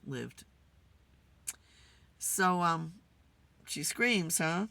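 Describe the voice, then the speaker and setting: A woman host talking to spirits in a casual, musing way, tired and low on energy. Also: lively intonation, measured pace, a bit bright. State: tired, yawning. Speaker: spirit communicator and channel host. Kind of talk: casual spirit session monologue. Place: in a car.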